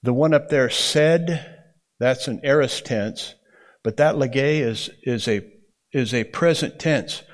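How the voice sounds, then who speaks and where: In a classroom, a man teaches a Bible class at a slow pace, his voice sitting in an unremarkable middle range. His explanations are relaxed and conversational, and he often checks in with the students by asking "okay?" or "right?"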